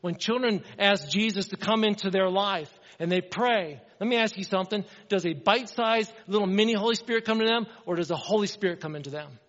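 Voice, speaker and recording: A man's voice: high voice, a little fast, hardly any pauses, a bit bright, in a large hall, highs cut off. A man preaching a sermon in an earnest, conversational way, often asking the congregation questions. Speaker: pastor.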